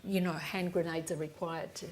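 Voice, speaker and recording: Woman telling a lively panel anecdote. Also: sits low, moderate pace, slight background noise. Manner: lively anecdotes, acting out voices with frequent restarts. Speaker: author on a festival panel. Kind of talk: storytelling on a live panel. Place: live event stage.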